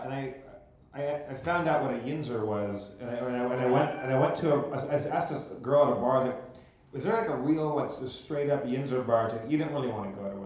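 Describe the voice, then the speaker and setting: A man co-hosting a live comedy podcast, asking curious questions with halting, stammered restarts. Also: mid-range voice, a little mellow, a little hiss or hum. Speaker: co-host. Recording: echoey theater with crowd.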